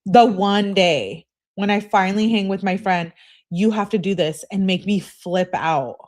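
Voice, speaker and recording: A woman's voice: medium pitch, unhurried, a little mellow, close to an everyday voice. A woman reading as an exasperated teenage girl. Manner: complaining, exasperated. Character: upset teenage girl, clingy and indignant. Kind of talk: reading text messages aloud.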